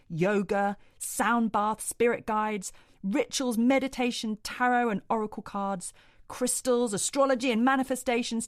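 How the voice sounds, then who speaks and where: A woman's voice: medium pitch, no room sound, studio quality. A woman co-hosting a podcast, bubbly and jokey, laughing often as she chats and introduces a guest. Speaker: podcast co-host. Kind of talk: casual chat and introducing a guest.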